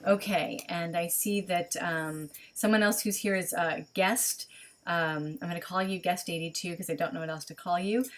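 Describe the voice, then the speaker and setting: Low-voiced woman leading an online service. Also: fairly even intonation, normal speed. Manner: casual, thinking aloud, frequent ums. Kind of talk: online livestream teaching.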